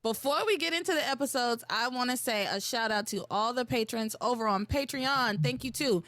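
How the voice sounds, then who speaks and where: A young adult woman hosting a podcast in casual, animated chat, exclaiming and swearing freely. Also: a little high, moderate pace, no room sound, studio quality. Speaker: podcast host.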